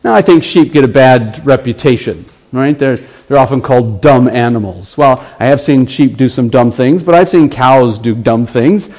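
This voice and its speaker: An American man preaching a sermon, earnest, slowing right down when he quotes scripture. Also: medium pitch, a little mellow, low-quality recording. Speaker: pastor.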